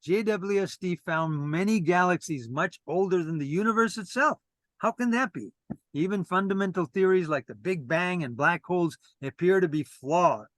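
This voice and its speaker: A man's voice: sits high, moderate pace, fairly bright tone, no echo. Earnest man lecturing, dry close sound. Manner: earnest, lecturing, breaks off for casual asides. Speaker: presenter. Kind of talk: reading a script with asides to a co-host.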